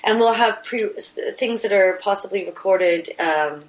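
A woman's voice: medium pitch, unhurried, rough recording. A woman stage actor in a casual interview, recorded inside a house, explaining her ideas thoughtfully with frequent restarts.

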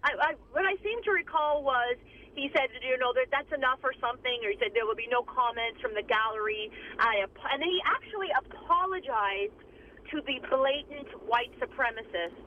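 A woman's voice: sits high, normal speed, a little hiss or hum. Impassioned woman on a tinny phone line. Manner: impassioned, emphatic, many restarts. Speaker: interviewee, community advocate. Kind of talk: recorded interview over phone.

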